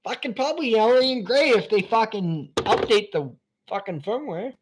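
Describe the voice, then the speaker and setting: A man hosting a live stream from his phone, rambling between topics in an excitable, profane way. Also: sits high, normal speed, husky. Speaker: channel host.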